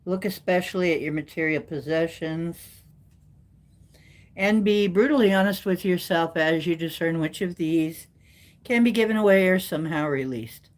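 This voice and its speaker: A woman's voice: lowish voice, normal speed. A woman hosting her own video, chatting playfully and reading oracle cards aloud, prone to joking voices.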